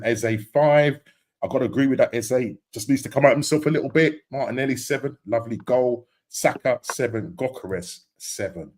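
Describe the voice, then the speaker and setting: A man hosting a casual football podcast live stream, upbeat and chatty, repeating phrases and often laughing. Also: fairly low pitch. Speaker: podcast host.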